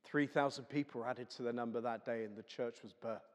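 A man's voice: medium pitch, fairly even intonation, a little fast. A man preaching a chatty, humorous sermon, telling stories to a congregation. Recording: echoey hall.

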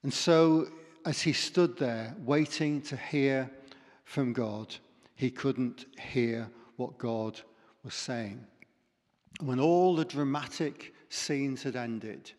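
A man's voice: medium pitch, slow, darkish tone. A male preacher giving a sermon with dramatic storytelling that sinks to near whispers. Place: church. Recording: long reverb in a church hall.

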